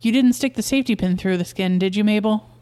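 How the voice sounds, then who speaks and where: A woman's voice: mid-range voice, fast talker, dark tone, smooth, natural voice. A woman doing a smug, lecturing husband. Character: smug pushy male beekeeper husband.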